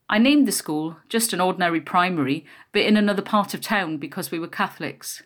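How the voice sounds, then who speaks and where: A woman's voice: fairly low pitch, lively intonation, brisk, hardly any pauses. Woman reading a memoir aloud. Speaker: narrator. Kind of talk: first-person memoir reading.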